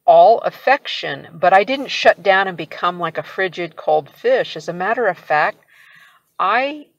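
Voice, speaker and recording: A woman's voice: on the low side, no echo. A middle-aged woman telling her own story in a casual, candid way, with a wry tone and frequent laughter. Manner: candid, wry, laughs often while recounting. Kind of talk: casual personal storytelling to camera.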